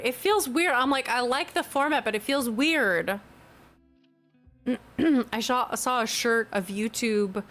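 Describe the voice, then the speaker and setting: A woman's voice: mid-range voice, a bit bright. Giggly, rambling young woman streamer. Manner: rambling, giggly, self-correcting. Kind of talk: casual livestream chat, reacting to chat. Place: home, newly moved in.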